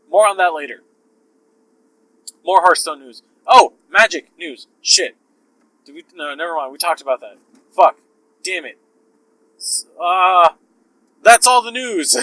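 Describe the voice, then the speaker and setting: Podcast guy with a sore throat, kinda high bright voice, rambles and swears a lot. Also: no room sound, poor audio. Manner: rambling, profane, self-interrupting. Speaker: podcast host. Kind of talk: casual solo podcast talk.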